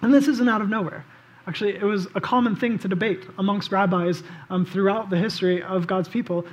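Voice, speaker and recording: A man preaching a casual, conversational sermon as pastor. He tells the story in an animated way and often says "like" and "um". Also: high voice, a little fast, a little hiss or hum. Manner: animated storytelling, acts out quoted voices; casual, with frequent "like" and "um".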